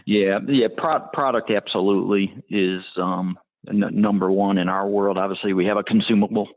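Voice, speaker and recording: Gravelly man on a tinny call. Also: on the low side, steady tone, moderate pace, dry recording. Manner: hesitant, many ums and restarts. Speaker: tire brand motorsport marketing guest. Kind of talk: interview answers, businesslike. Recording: tinny phone-like line, dry.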